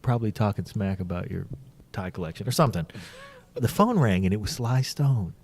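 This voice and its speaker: A man hosting a casual podcast chat, telling stories in a lively, swearing way. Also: on the low side, brisk, husky. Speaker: podcast host.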